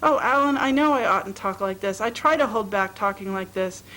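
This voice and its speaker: A woman's voice: mid-range voice, normal speed, pushed and bright, close to an everyday voice, rough recording. A woman reading aloud and voicing a tired, lovesick young woman who pleads emotionally.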